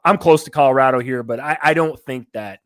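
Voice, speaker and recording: A man hosting a casual sports podcast on a headset, excitable and loud, swearing freely. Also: medium pitch, fairly quick. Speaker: podcast host.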